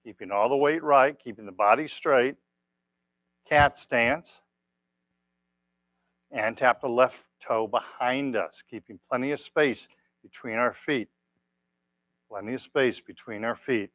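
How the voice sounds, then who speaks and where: A man leading a tai chi class, giving calm step-by-step cues and gentle praise on a clip-on mic. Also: medium pitch, a little slow, long pauses, dry recording. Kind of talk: guided exercise class. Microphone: clip-on microphone.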